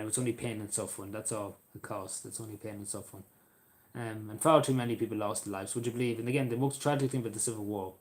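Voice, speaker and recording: A young Irish man talking casually as he answers viewer questions, halting often with ums and repeating his phrases. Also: fairly low pitch, darkish tone. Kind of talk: casual Q&A monologue.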